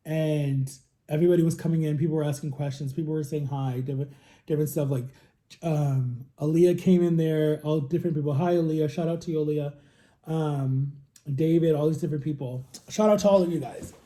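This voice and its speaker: A man with a slightly high yet very mellow, dark voice tells a casual story to his viewers. He rambles freely, with many fillers and side remarks. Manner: rambling, chatty, lots of fillers. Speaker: vlogger.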